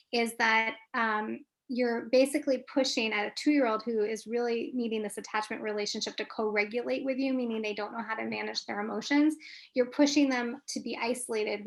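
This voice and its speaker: A licensed marriage and family therapist appearing as a webinar guest speaks with a raised, slightly bright pitch and a gravelly edge. She gives practical advice in a coaching manner and checks whether her answers are helpful.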